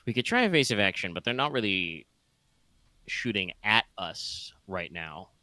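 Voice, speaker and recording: A man taking part in a tabletop session, working through his options out loud and hesitating often. His voice is fairly low but bright and forceful. It is recorded close and dry. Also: lively intonation, normal speed, no room sound. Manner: thinks aloud, hesitant, full of fillers. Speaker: player. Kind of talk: casual tabletop play.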